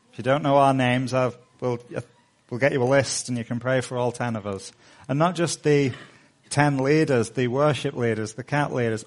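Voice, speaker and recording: Earnest man preaching a sermon. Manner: earnest preaching with rising fervent appeals; hushed, low prayer voice. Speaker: pastor.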